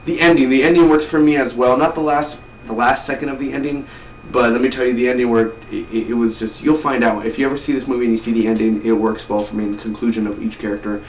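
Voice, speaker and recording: A movie reviewer, a man with an ordinary mid-range pitch, talks about a film in a casual, rambling, enthusiastic way, repeating words as he goes. His delivery is quick and steady, with a darkish tone. He sits some distance from the mic in a roomy space, with faint noise humming underneath.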